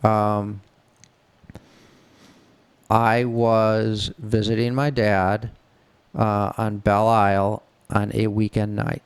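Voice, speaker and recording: A man's voice: lowish voice, level tone, takes it slowly, long pauses, smooth. A middle-aged man from the Detroit area telling a story in casual talk, frank and profane, acting out the voices of people he quotes. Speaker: podcast co-host telling a story.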